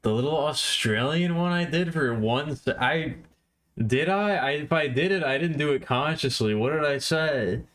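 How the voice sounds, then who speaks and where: A man's voice: on the high side, normal speed, a bit bright. A man streaming while he draws, chatting casually and answering his chat in a mumbling, self-deprecating way.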